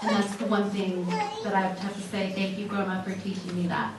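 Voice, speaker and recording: Young woman, halting eulogy, lots of fillers and restarts, very echoey hall, distant from the mic, faint background noise. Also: mid-range voice, flat delivery. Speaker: granddaughter giving a eulogy. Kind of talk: eulogy at a memorial viewing. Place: memorial viewing hall.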